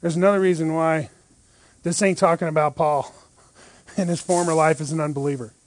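A man teaching a Bible study, lively and full of rhetorical questions, often checking in with "right?". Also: fairly high pitch, normal speed, no echo.

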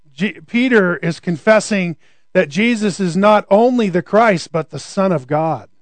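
A man's voice: sits high, no echo. A man preaching a conversational sermon, often asking rhetorical questions.

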